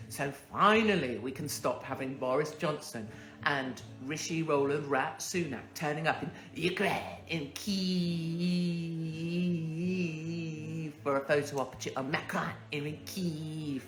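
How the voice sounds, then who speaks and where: A woman's voice: deep voice, roomy sound. A woman hosting a casual monologue, ranting bluntly and swearing freely into a phone. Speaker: host.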